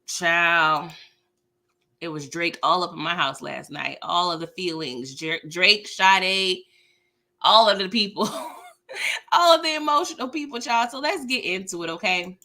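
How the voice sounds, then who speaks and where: Speaking unhurriedly in a lowish voice, this woman hosts a casual live recap of a show. Her manner is animated and chatty as she addresses viewers directly, and she laughs frequently.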